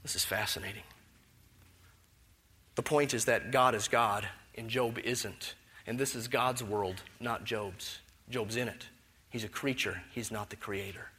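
A man preaching an expository sermon, emphatic, firing loud rhetorical questions and then dropping to a soft reflective tone. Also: medium pitch.

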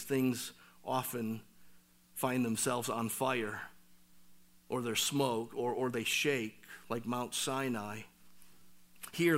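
Slow, emphatic preacher man. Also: medium pitch. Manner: wide swings from loud emphatic lines to hushed near-whispers; deliberate, with slowed emphatic phrases. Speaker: pastor. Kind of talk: sermon.

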